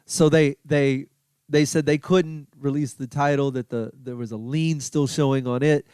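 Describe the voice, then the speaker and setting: A middle-aged man, a comedian hosting his own podcast, rambling through a self-deprecating story and acting out his own past yelling. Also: medium pitch, steady tone, normal speed, clean tone, dry recording, studio quality. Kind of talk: casual storytelling monologue.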